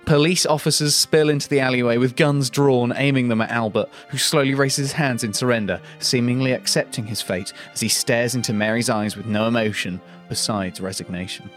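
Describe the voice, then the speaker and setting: A man's voice: medium pitch, fairly even intonation, a little fast, few pauses, soft background music. A man co-hosting a comedy podcast, reading an AI-written script aloud and tripping over its awkward phrasing. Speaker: podcast co-host.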